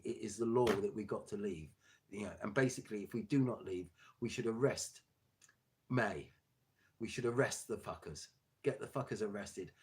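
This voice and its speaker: A man, a glass maker, delivering an angry, sweary political rant to his viewers with halting restarts. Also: on the low side, darkish tone. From England.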